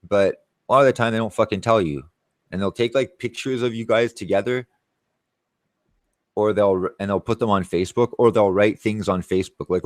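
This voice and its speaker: A man's voice: fairly low pitch, normal speed, no echo. A man in his late twenties or thirties telling a rambling, profane personal story, acting out other people's lines in a raised voice. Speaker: channel host. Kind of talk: casual storytelling monologue.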